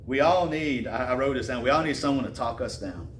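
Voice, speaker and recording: Animated preacher man in a roomy church. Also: mid-range voice, fairly quick, a little hiss or hum. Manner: reads scripture then retells it in casual slang, laughing. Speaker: pastor. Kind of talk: sermon. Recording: roomy echo, mic at a distance, faint ambience.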